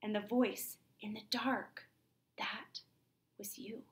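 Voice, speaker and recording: A grieving young woman in love pleads her case in an earnest, lifted voice, as a woman teacher reads her part aloud. The delivery is unhurried and sincere. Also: high-pitched, animated, voice pushed up, full character voice. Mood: pleading.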